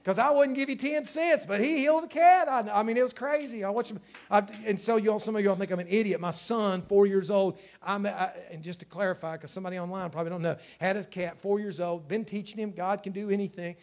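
A man, preaching a sermon, swinging from loud exhortation to hushed storytelling. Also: high-pitched, fast, hardly any pauses. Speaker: pastor.

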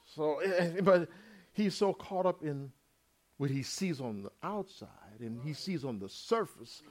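A man's voice: fairly high pitch, a little slow. A man preaching a sermon, retelling a parable in folksy everyday speech and acting out its characters as he goes. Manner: animated preaching, acts out the brothers and father in plain voices, folksy grammar.

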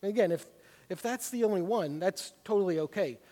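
High-voiced man leading a class. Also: expressive, brisk, warm tone, in a large hall. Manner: conversational, many "you know" fillers. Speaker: class teacher. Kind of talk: leading a Bible study class.

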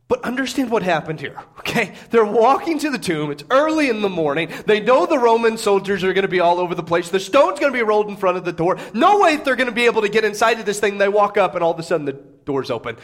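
A man preaching a sermon in a casual, conversational way, often asking "okay?" and laughing at his own stories, keeping his voice down so as not to wake babies. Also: high-pitched. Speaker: pastor. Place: indoor room with a congregation.

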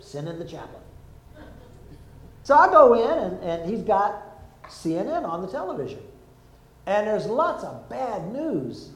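Lively older man preaching in an echoey hall. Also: high-pitched. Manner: lively storytelling, acts out quotes. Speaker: preacher, former army chaplain. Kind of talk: sermon with stories.

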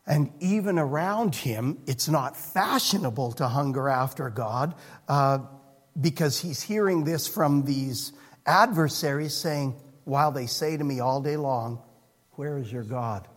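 A man preaching a sermon as pastor, earnest, moving between hushed and emphatic passages. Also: medium pitch, measured pace. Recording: long reverb of a hall.

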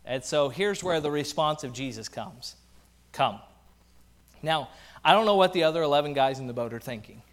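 A pastor delivers a sermon with animated energy, slipping in playful asides. His voice sits high for a man. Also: normal speed.

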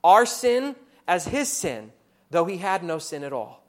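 A male pastor preaching an earnest sermon, his voice rising loud in accusing passages and dropping low and soft in reflective ones. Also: very animated, unhurried.

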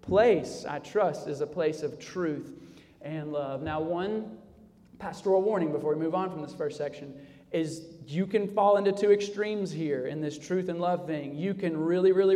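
A male pastor preaching a sermon, dropping low and quiet, then rising loud for emphasis. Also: a little slow, big-room sound. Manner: preaching with sharp swings between soft low passages and loud raised emphasis. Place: church sanctuary.

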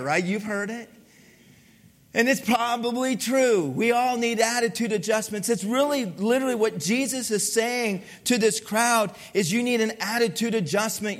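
A middle-aged man preaching a sermon as pastor, telling stories with lively acted-out dialogue. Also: high-pitched. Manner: animated storytelling, acts out dialogue.

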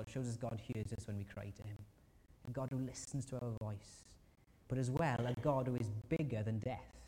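A man preaching a sermon in earnest tones, at times crying out anguished prayers in a higher voice. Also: mellow. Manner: earnest, acts out anguished prayers with rising pitch. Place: church hall. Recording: long reverb of a church hall.

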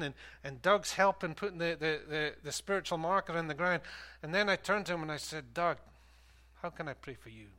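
A man, a pastor preaching a sermon and telling a story, animated and laughing at times. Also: high-pitched.

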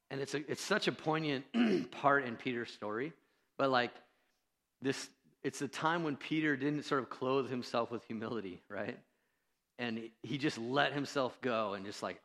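A man's voice: medium pitch, moderate pace, a bit bright. A man preaching a sermon as pastor, in a conversational way, joking at his own expense and acting out the lines of the people in his story. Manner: conversational, self-deprecating, with fillers and acted-out quotes. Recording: preached in a reverberant church hall.

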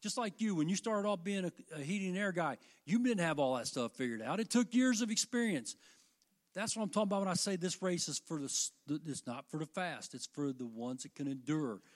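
An older man delivers a sermon with fervent energy, his fairly high voice climbing into loud passages and then dropping to quiet, earnest stretches. He speaks directly to his congregation. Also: expressive, brisk. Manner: fervent, rising and falling delivery. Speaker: preacher.

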